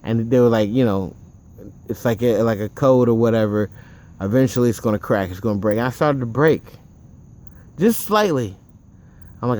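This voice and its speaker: Man, average pitch, offhand, rambling, casual storytelling, frequent asides. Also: moderate pace, darkish tone. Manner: offhand, with occasional swearing.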